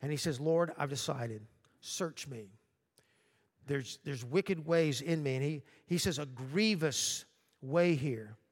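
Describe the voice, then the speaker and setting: A male pastor delivering a sermon, swinging from quiet, low asides to loud, urgent outbursts. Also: slow, breathy edge. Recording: long hall reverb.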